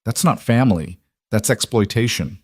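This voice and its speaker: A man voicing a protective, firm middle-aged man who speaks in an earnest, measured way. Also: lowish voice, expressive, breathy edge, dry recording, clean studio sound.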